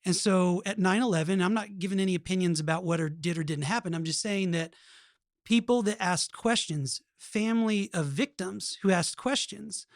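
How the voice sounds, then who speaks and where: A man's voice: high voice, normal speed, creaky, no room sound, studio quality. A man hosting a podcast in casual chat, earnest and rambling, often restarting his sentences. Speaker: podcast host.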